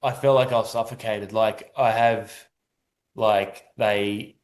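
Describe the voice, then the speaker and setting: A man's voice: lowish voice, fairly even intonation, slow pace. Man, casual interview guest, storytelling, rambling restarts, acted-out quotes. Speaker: guest, adaptive surfer.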